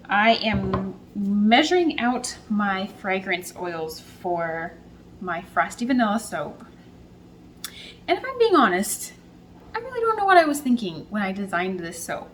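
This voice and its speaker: A woman hosting a casual home vlog, talking through her work in a chatty, self-deprecating way with quick bursts of speech. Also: medium pitch, slight background noise, poor audio. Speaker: soap maker and channel host. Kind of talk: casual vlog narration while working.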